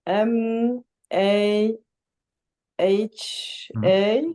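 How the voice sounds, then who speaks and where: A woman's voice: mid-range voice, steady tone, very slow, warm tone. A woman taking part in an online lesson, hesitant, spelling out letters with fillers. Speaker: student doctor. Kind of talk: lesson participation. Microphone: computer mic on a video call.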